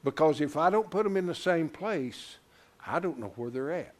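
An older man preaching a sermon, telling a folksy story and swinging from low murmurs to loud high exclamations. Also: lively intonation, normal speed. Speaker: pastor.

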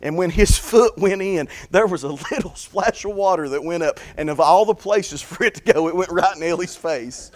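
A man preaching a fervent sermon, moving between quiet folksy stories and loud repeated calls of blessing. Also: sits high, moderate pace, few pauses.

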